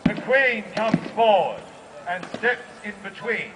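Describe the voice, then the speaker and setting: This is comic live event commentary from an Australian man with a high voice who speaks slowly and animatedly over a festival PA outdoors, punning and rousing the crowd. His words compete with loud outdoor noise and a cheering crowd.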